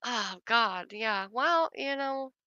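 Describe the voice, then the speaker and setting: Young woman, high bright voice, unhurried, giggly casual storyteller. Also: lively intonation, clean tone, no echo, muffled recording. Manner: laughs often while telling a story; chatty, many fillers like "like". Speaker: storyteller chatting with her sister. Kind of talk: casual chat.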